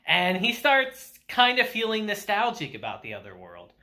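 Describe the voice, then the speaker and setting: A man recaps an anime episode in a relaxed, chatty way. His voice is bright and sharp, and his pitch swings widely from line to line. He laughs often and slips into the characters' lines as he tells the story. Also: moderate pace. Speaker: anime reviewer.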